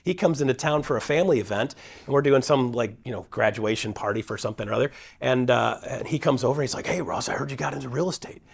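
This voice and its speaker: A middle-aged man of ordinary pitch tells a long personal story to an audience. He keeps it energetic and casual, jumping into other voices whenever he quotes someone. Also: fast, creaky, husky. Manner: energetic, acts out quoted dialogue with shifting voices. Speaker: guest speaker at a real estate event.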